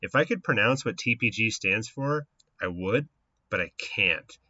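A man's voice: lowish voice, expressive, unhurried, sharp tone, husky, no echo, muffled recording. A man co-hosting a podcast, chatting casually and rambling with lots of fillers. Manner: easygoing, rambling with frequent fillers. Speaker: podcast co-host.

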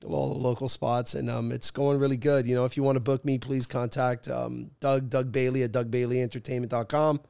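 A man's voice: medium pitch, flat delivery, brisk, gravelly, hardly any pauses, darkish tone, clean tone, dry recording, studio quality. A man guest comedian chatting casually on a podcast, rambling with lots of fillers.

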